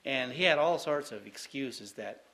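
Guy preaching a sermon, bright ringing voice, slow and deliberate. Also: medium pitch, animated. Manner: slow, deliberate, repeats phrases for emphasis.

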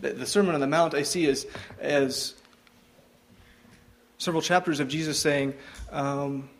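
A man's voice: on the high side, steady tone, a little slow, pauses often. A younger man giving an informal devotional talk, hesitant, with frequent ums and restarts.

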